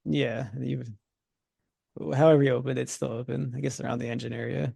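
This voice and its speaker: A man's voice: mid-range voice, little pitch movement, fairly quick, gravelly, mellow, breathy edge, dry recording. A man running a tabletop horror game as game master, narrating loosely and casually.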